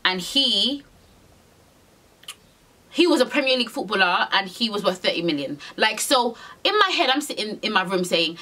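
Young girl doing a storytime vlog, bright voice, swings up and down a lot, blunt and sweary. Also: mid-range voice, big pitch swings, moderate pace. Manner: frank, rambling, swears freely, heavy slang. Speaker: vlogger. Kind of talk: storytime confession to camera.

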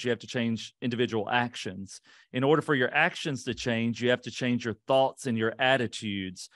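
A man guesting on a podcast, telling a self-deprecating story from his past in an animated, casual way and voicing the people in it. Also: medium pitch, dry recording, studio quality. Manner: quick, lively retelling with voiced quotes.

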